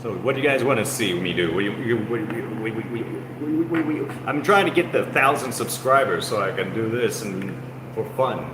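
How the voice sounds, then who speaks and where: A man with a voice on the low side speaks at normal speed while streaming from his apartment room. His casual talk rambles as he teases and mock-taunts his chat, and the recording picks up room echo and air-conditioner hum.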